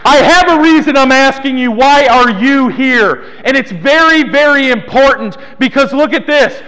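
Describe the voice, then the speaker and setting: A man's voice: extremely high pitch, normal speed, pushed and bright, slight background noise. A man preaching a sermon as pastor of a small church, playful and teasing members of the congregation by name. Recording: long hall reverb.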